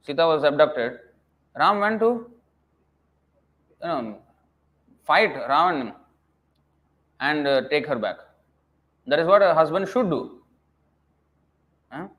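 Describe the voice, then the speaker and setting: A man's voice: a little high, a bit bright. Scolding man preaching a scripture class. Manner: emphatic, scolding, full of rhetorical questions. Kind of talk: scripture lecture.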